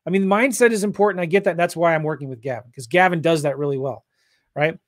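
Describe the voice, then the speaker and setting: A man from St. Louis coaching real estate investors on a livestream, pushing hard in an energetic sales style. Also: fairly high pitch, quick pace, dry recording, clean studio sound. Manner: pushy, energetic sales talk.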